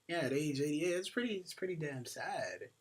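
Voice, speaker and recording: A young man's voice, on the high side and expressive with a breathy edge, moves at a moderate pace. He co-hosts a laid-back podcast from a home mic with headphones on, rambling, swearing and using lots of fillers.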